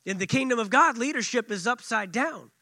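Male pastor, sermon, emphatic, repetitive phrasing, very high pitch, dry close sound. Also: lively intonation, a little fast, pushed and bright, no echo. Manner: emphatic, repetitive preaching with acted quotes.

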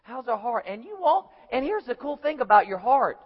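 This pastor's voice is extremely high and husky, very animated, and delivered at normal speed. He preaches in a folksy storytelling style, acting out scenes and voices, in a recording with a dull, lo-fi sound and an echoey hall.

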